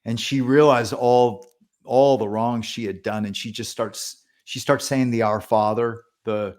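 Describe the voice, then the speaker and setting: A man speaks as a guest on a podcast, a pastor and author retelling stories with conviction. His voice sits at a middle pitch, and he slips into quoted dialogue as he goes. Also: steady tone, a little slow, darkish tone. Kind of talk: storytelling in a podcast interview.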